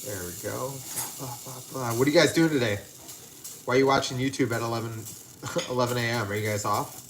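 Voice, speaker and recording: A man's voice: mid-range voice, fast, noisy background. A man hosting a casual cooking livestream from his home kitchen, chatting to viewers and reading their comments aloud. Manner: chatty, talks to viewers and reads chat aloud. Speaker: livestream host.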